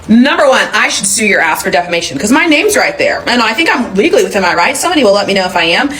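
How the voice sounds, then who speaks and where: Young woman vlogger, storytime rant, animated and exasperated, mid pitch. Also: fast talker, few pauses. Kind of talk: storytime vlog.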